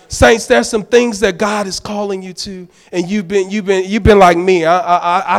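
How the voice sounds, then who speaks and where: A man's voice: high-pitched, steady tone, moderate pace, hardly any pauses. A man preaching a fervent sermon as a deacon, repeating phrases and restarting his words.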